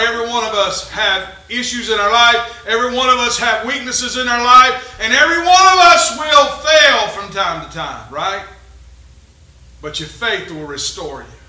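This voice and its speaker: Preacher guy, high sharp voice, booming then hushed, echoey church room. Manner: preacherly, swings between loud emphasis and quiet low asides. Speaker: pastor. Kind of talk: sermon.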